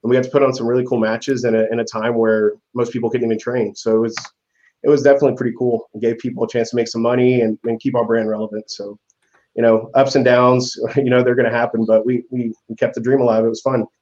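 A laid-back man guesting on a podcast who talks quickly and laughs often between his thoughts. His voice comes through a dull, lo-fi line. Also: medium pitch, flat delivery, darkish tone. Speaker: event promoter guest. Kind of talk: casual interview chat.

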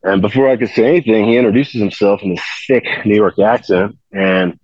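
A man's voice: on the low side, fairly even intonation, fairly quick, no echo, dull audio. A man telling a long, rambling story in casual conversation, full of fillers and restarts. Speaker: podcast guest telling stories.

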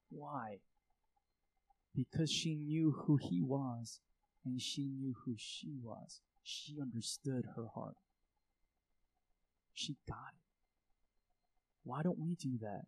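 A man's voice: mid-range voice, slow pace, long pauses, a little mellow, breathy edge, rough recording. A man preaching a sermon, speaking earnestly and acting out prayers and indignant reactions to make his point. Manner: earnest, acts out prayers and reactions with rising intensity. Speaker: pastor.

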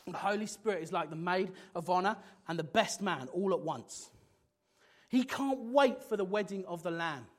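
A man delivers a sermon in a notably high voice for a man. He preaches with passion, rising to loud exclamations and then dropping to a hushed intensity. His voice lifts and falls all through the message.

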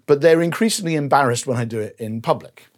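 A man's voice: mid-range voice, fast. A man in his forties preaching a conversational sermon, telling personal stories with self-deprecating asides.

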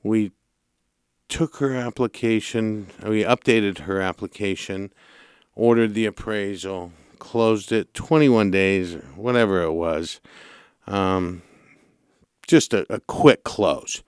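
A man hosting a radio show about mortgages, telling a client story in a lively, chatty way and acting out the calls. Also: fairly low pitch, takes it slowly, clear, resonant tone, dry recording, clean studio sound. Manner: animated storyteller, acts out callers' lines. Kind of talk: casual radio talk, storytelling.

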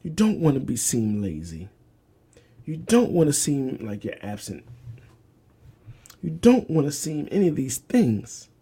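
A man's voice: medium pitch, wildly swooping pitch, measured pace, pauses often, dark tone, slightly rough. A young man hosting a podcast, preaching emphatically, repeating phrases and dropping to whispers. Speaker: podcast host. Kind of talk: preaching-style podcast talk.

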